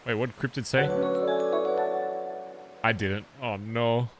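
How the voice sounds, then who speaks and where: Over loud music, a man with a medium-pitched, steady voice speaks slowly as he wraps up his roleplay stream. Chatty and direct with his viewers, he checks in with them often and repeats "okay?" a lot.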